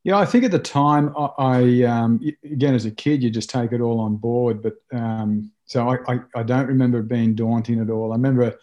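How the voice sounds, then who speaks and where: Mellow-voiced Australian man telling stories. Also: medium pitch, brisk, hardly any pauses, dull audio. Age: middle-aged. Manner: animated anecdotes with lots of restarts and filler. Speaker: rugby coach, guest. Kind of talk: storytelling interview answers.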